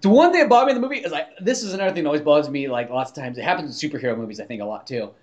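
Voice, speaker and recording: A man's voice: fairly high pitch, expressive, very fast, darkish tone. A man co-hosting a podcast in casual chat. He rambles, swears freely and leans on "like" fillers. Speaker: podcast co-host.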